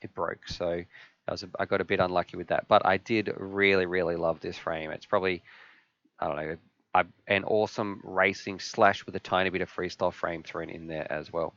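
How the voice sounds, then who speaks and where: A man's voice: deep voice, steady tone, a little fast, a bit bright, dull audio. Chatty man hosting a live stream. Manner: enthusiastic, chatty, reads viewer questions aloud.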